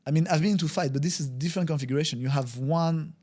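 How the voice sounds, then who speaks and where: Man telling a story with lively energy. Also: fairly high pitch, fast. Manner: animated, acts out scenes with quoted voices; frequent fillers and restarts, non-native phrasing. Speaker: podcast guest, wellbeing consultant. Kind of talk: conversational storytelling.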